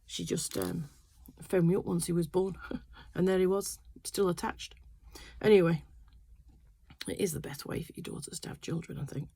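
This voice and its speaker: A woman's voice: lowish voice, normal speed, creaky, warm tone, breathy edge. An older woman chatting casually in her sewing room, telling a rambling family story full of fillers. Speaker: quilting vlogger. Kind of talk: casual chat.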